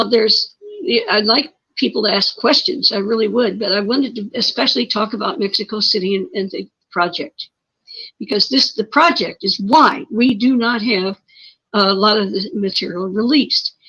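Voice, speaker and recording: Husky woman with an insistent, emphatic delivery. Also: mid-range voice, fairly bright tone. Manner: insistent, repeats words and asks rhetorical questions. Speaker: interview guest. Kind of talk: emphatic personal storytelling. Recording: muffled lo-fi stream audio.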